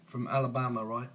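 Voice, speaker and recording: A man's voice: medium pitch, fairly bright tone, slight background noise. A man in his forties hosting a casual live stream on his phone, chatting with viewers in a teasing, jokey way and chuckling often. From England. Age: 40s. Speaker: tarot channel host.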